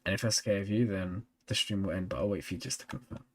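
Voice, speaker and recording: Sleepy low-voiced man streamer. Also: quick pace. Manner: chatty, reads and answers viewer chat. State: sleepy, yawning. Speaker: streamer reviewing game rosters. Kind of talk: casual live-stream chat.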